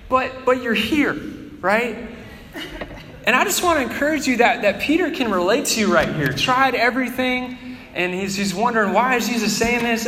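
A pastor preaches a relaxed sermon to his congregation, and he talks in a conversational way. His voice is very high for a man. The hall rings with a long reverb. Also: slight background noise.

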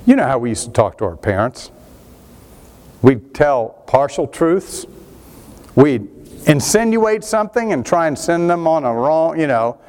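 A man preaching a sermon, animated, swinging between emphatic and quieter passages. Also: on the high side, a little slow. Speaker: pastor.

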